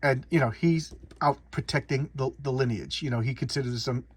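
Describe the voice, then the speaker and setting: Husky-voiced man rambling about comics. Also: mid-range voice, brisk. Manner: rambling, repeats and restarts words, chuckles. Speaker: comic book reviewer. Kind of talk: casual comic book showcase.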